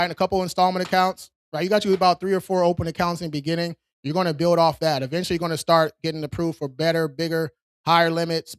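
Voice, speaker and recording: A man's voice: high voice, a bit bright, smooth, dry recording, studio quality. A man hosting a live stream, reading viewers' questions aloud and answering them in a casual, streetwise way. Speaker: credit repair livestream host.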